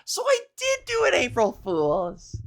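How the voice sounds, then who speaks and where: Woman podcast comic, slightly high voice with gravelly fry, rambling and giggly. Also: wildly swooping pitch, a little slow. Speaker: comedian podcast host. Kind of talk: solo comedic monologue.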